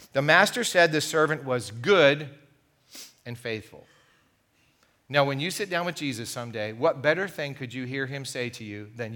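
Bright-voiced preaching pastor. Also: male voice, medium pitch. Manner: animated storytelling, acting out the parable's voices. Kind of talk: sermon. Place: church sanctuary.

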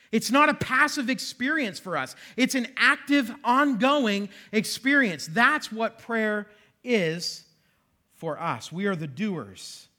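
Bright-voiced high-pitched male pastor. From western Pennsylvania. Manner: conversational, self-deprecating humor with frequent asides. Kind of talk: sermon. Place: church sanctuary.

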